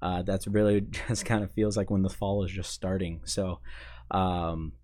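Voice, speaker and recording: Low-voiced man, halting and filler-heavy. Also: fairly even intonation, a little mellow. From Chicago, raised in Maine. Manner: halting, many fillers and restarts, laughs easily. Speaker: sports information staff, podcast guest. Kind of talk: casual interview chat.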